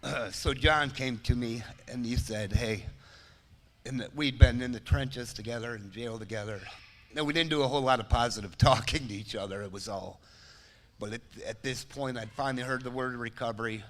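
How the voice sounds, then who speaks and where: A man giving his testimony of recovery during a church service, speaking haltingly and with emotion. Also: medium pitch, fairly bright tone. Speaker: guest sharing recovery testimony. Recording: reverberant church hall with faint noise.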